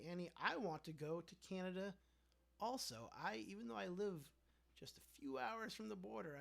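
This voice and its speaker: A man's voice: on the high side, vocal fry, fairly bright tone. A man with a slightly raised voice chats loosely on his livestream, reading out viewer comments and answering them. He is sarcastic and rambling, and often trails off mid-thought. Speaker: livestream host.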